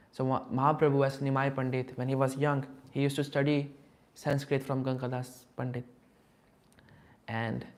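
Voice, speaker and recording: A man giving a scripture class, telling stories in an animated way and acting out the characters. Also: medium pitch. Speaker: class speaker.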